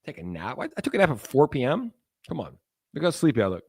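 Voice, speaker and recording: A young man rattles through a casual livestream in an excited, joking way, with profanity thrown in. His voice sits at an everyday middle pitch. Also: fast, husky. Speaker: crypto streamer.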